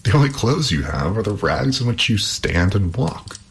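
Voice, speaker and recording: A man's voice: fairly low pitch, very animated, moderate pace, vocal fry, slight background noise, voice pushed up. A man voicing a stern ship's master in a storybook tale, scolding doubtfully.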